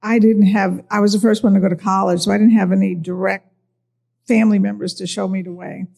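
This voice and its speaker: An older woman with a New York accent tells her own story on a church panel. Her voice has a gravelly edge, and she speaks earnestly with soft chuckles running through her talk. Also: medium pitch, little pitch movement, fairly quick. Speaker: physician sharing testimony on a panel. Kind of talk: personal testimony, casual.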